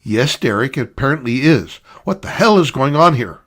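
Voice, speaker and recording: A man's voice: medium pitch, fast, a bit bright, natural voice. A man reading aloud as he voices a formidable woman supervisor who growls her demands. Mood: angry.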